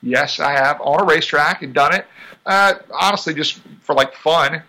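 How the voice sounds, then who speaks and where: A man, a racing driver talking casually in an interview, chatty and quick to laugh. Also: fairly high pitch, poor audio. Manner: chatty, laughs often, animated asides.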